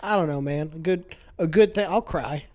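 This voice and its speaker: A young man co-hosting a casual podcast chat, relaxed and rambling, swearing now and then. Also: on the high side, moderate pace. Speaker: podcast co-host. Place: living room.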